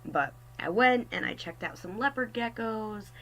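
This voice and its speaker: A woman's voice: medium pitch, animated, unhurried, a bit bright, low-quality recording. A young woman telling a personal story in a casual, chatty way, wry and self-mocking. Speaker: artist storyteller.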